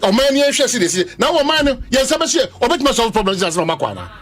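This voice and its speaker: A Ghanaian man with a strikingly high, lively voice argues politics on a panel. He is emphatic and insistent and keeps cutting in over the others. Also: fast. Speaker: political commentator. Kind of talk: heated political panel debate.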